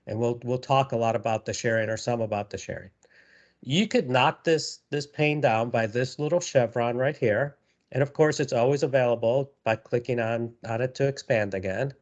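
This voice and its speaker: A man presenting a live software tutorial, talking casually with many fillers and repeated words. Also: mid-range voice, lo-fi sound.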